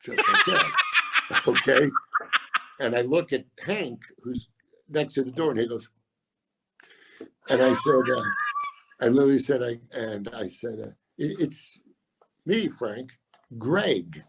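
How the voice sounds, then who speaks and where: Gravelly older guy spinning deadpan stories, voice swoops all over. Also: mid-range voice, noisy background. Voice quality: gravelly, husky. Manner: deadpan storyteller doing quick voices of others. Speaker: guest comedian. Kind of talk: casual storytelling chat.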